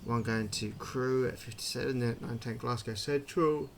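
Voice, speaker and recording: A man talks through a game in a loose, chatty way, wondering aloud at what he sees. His voice has a gravelly edge and sits at an ordinary pitch. Steady noise hums behind him throughout. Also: normal speed. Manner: chatty, musing aloud, puzzled asides. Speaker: gaming channel host. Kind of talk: casual game commentary.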